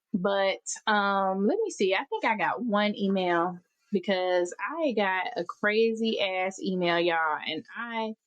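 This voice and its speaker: A woman podcast host talking straight into a dry, close mic, with no room sound at all. Her pitch sits right in the middle of the range for women. She talks in a blunt, heated way, cursing freely and stressing her points hard. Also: dry recording. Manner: blunt, profane, heated and emphatic. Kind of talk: casual advice podcast monologue.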